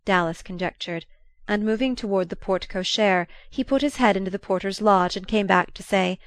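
A woman reads a classic novel aloud in a measured, unhurried way, with a mid-range voice. The sound is dry and close, with no room echo. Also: medium pitch, steady tone. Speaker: audiobook narrator. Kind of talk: scripted literary narration.

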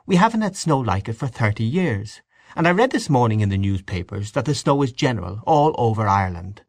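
A man reading aloud, voicing an excitable young woman hostess with a high, gushing voice. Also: a little fast, no echo, clean studio sound. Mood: chatty.

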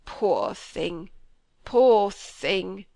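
A woman's voice: mid-range voice, lively intonation, extremely slow, gravelly, dark tone, no echo, full character voice. An elderly country squire in a storybook reading, trembling and tearful, begging in a shaky voice, as a woman reader puts him on. The sound is dry and close, with no room around it.

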